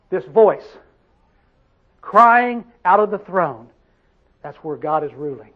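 A man's voice: sits high, highs cut off. A man preaching a sermon, emphatic, putting questions to his congregation and answering them himself.

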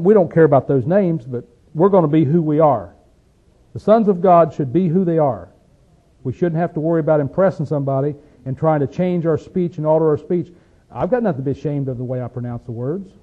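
A man with a Southern hillbilly accent preaches in a plain, folksy way, tossing out rhetorical questions and slowing down to read scripture. His voice sits a little high for a man. The recording is thin and tinny, like a phone line. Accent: Southern American hillbilly. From Appalachian region, USA. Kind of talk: sermon.

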